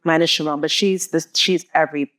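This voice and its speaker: A woman's voice: sits low, fairly even intonation, fairly bright tone. A woman hosting a casual interview show, reacting with frequent "wow"s and relating the guest's points to her own daily life. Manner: reacts with frequent exclamations of "wow" and quick laughs. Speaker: interview host.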